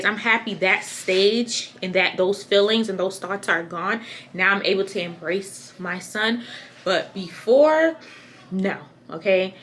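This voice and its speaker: Young woman, pregnant, bright clear voice, chatty and candid, rambling casual vlog, faint room hum. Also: mid-range voice. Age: young adult. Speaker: vlogger. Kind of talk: casual pregnancy update to camera.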